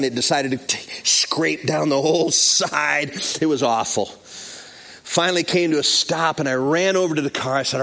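A man preaching as a pastor, reading scripture and telling a personal story, acting out the people in it. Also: on the high side. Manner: animated, acts out the people in his stories. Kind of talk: sermon with storytelling.

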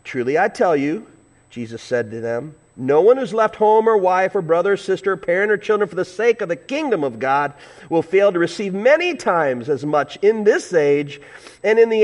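A man preaching a sermon as pastor, animated and acting out voices, with sudden loud whoops. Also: a little high.

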